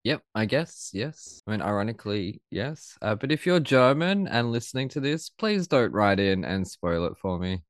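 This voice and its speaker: A man's voice: on the low side, sing-song, moderate pace, hardly any pauses, no echo, clean studio sound. A man co-hosting a podcast, chatting casually, joking and swearing freely. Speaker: podcast co-host. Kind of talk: casual chat.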